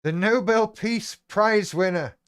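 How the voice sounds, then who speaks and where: A man's voice: sits high, slow pace, a bit bright, smooth, dry recording, clean studio sound. A man hosting a live stream, chatting casually in a rambling, irreverent, sweary way and reacting to viewers' comments.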